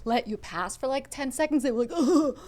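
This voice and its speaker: A woman's voice: sits high, lively intonation, fairly quick, a little mellow. Self-deprecating woman host from Germany. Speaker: podcast co-host. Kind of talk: casual chat.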